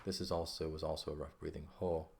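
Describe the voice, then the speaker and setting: Low-voiced man teaching a grammar lesson. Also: flat delivery, fast, vocal fry. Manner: patient, repeats points, checks in with "okay?". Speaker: Greek teacher. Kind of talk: casual lesson explaining grammar.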